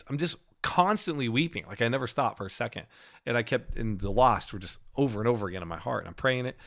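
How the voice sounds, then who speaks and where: A man with a voice of middling pitch recounts a personal spiritual experience on a faith podcast. He tells it casually and animatedly, with frequent laughs and self-corrections. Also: gravelly. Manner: animated storytelling with laughs and restarts. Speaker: podcast co-host.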